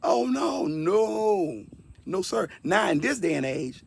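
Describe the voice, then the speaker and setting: A man's voice: sits high, big pitch swings, slow pace, creaky, slight background noise. A man in his fifties giving a personal testimony in an earnest, conversational way, often repeating words for emphasis. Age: 50s. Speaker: speaker sharing a personal testimony.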